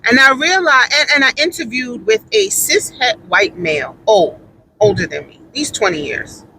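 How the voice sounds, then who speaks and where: Emphatic storytelling woman, high bright voice. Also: animated, normal speed, slight background noise, rough recording. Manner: emphatic, repeats points for stress. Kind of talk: casual storytelling monologue.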